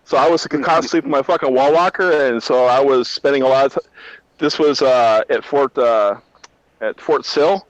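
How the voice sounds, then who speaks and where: A man who is a retired army drill sergeant, telling profane, animated barracks stories in casual chat. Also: medium pitch, moderate pace, no echo, dull audio.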